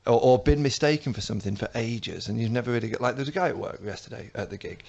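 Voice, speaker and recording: A man's voice: medium pitch, quick pace, vocal fry, a little mellow, lo-fi sound. A man guesting on a radio show, telling rambling stories with lots of hesitation. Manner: rambling, hesitant storytelling with fillers. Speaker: comedian guest. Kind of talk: casual radio chat.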